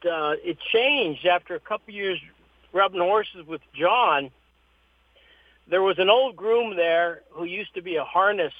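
High-voiced man telling stories over a phone line. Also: no echo. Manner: lively storyteller who acts out the people he quotes. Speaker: interview guest, horse trainer. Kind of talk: storytelling interview.

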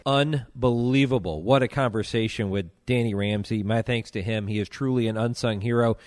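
A man hosting a sports radio interview show, measured as he thanks his guest and introduces segments. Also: mid-range voice, darkish tone, no echo, studio quality, faint music behind. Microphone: studio microphone.

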